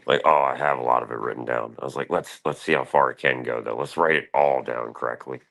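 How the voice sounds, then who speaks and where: A man's voice: steady tone, fast talker, fairly bright tone. A man talking in a rambling, profane monologue on his own stream, restless and jumping between thoughts. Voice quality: gravelly, very deep.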